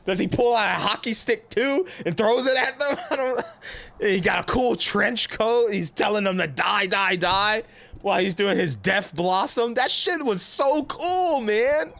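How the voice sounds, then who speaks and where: A man with a New York accent ranting casually on a game live stream, animated and slangy with lots of restarts. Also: sits high. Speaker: gaming streamer.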